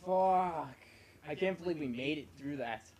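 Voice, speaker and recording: A man commentating a co-op game playthrough, loud and swearing with frequent outbursts. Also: a little high, unhurried, slight background noise. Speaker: co-op gameplay commentator. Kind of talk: excited let's-play banter.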